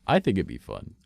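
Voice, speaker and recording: A man's voice: low-pitched, vocal fry, a little mellow, no echo. A man streaming live, chatting casually with viewers in a rambling way, swearing and laughing often.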